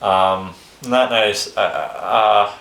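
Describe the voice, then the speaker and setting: A man's voice: fairly low pitch, very slow, vocal fry, fairly bright tone. A man casually telling his life story on a vlog, rambling and swearing freely, with chuckles between phrases. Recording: roomy echo.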